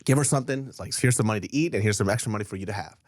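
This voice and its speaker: A man's voice: fairly low pitch, very fast, no echo, studio quality. A man co-hosting a podcast in casual chat, swearing often and getting worked up as he tells stories. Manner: animated, swears a lot, voice jumps when worked up. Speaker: podcast co-host.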